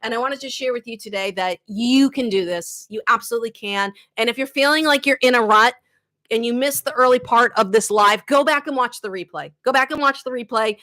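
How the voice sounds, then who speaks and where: A woman's voice: on the high side, fairly quick, sharp tone. A woman with a light Boston accent, a guitar teacher chatting casually with viewers in a live-stream Q&A, laughing often. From Boston area, USA.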